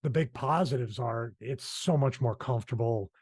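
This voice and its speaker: A man's voice: medium pitch, moderate pace, darkish tone, slightly rough, no room sound, clean studio sound. A man with a Philadelphia accent hosting a fitness podcast, chatting casually in a rambling, self-deprecating way. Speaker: podcast host. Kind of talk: casual chat.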